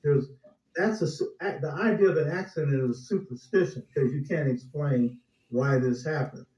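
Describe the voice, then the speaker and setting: A man's voice: fairly high pitch, moderate pace, darkish tone, echoey room, distant mic, rough recording. A man in a conversational interview, reflecting on spiritual meaning and sharing his own stories.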